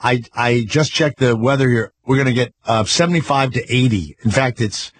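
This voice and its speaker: A man's voice: mid-range voice, moderate pace, a little hiss or hum. A man hosting a talk radio show, chatting with callers in a brash, crude, rambling way.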